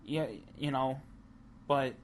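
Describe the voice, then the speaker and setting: A man co-hosting a casual wrestling podcast speaks slowly at medium pitch in a level tone. His casual chat is heated and profane, rambling along with many restarts.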